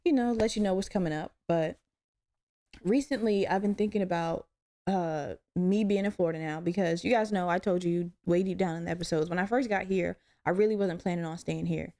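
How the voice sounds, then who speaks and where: A woman's voice: lowish voice, a little fast. A woman in her twenties from Virginia hosting a solo podcast, talking casually and candidly with a lot of swearing. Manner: candid, profane, animated storytelling. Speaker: podcast host.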